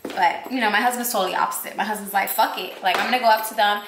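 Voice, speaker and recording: A woman's voice: mid-range voice, steady tone, very fast, noisy background. A young woman from Puerto Rico telling a rambling, gushing story while doing her makeup, with "like" in every sentence. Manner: gushing, rambling, heavy use of "like". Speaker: beauty vlogger. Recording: echoey room.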